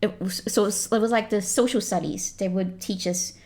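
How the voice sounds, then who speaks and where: A woman chats on a relaxed podcast. Her voice sits in a middle pitch, and she talks in a loose, rambling way, circling back and restarting her sentences. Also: a little fast. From Australia. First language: not English. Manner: chatty, rambling storyteller with frequent laughs and restarts. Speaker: guest. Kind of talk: casual podcast chat.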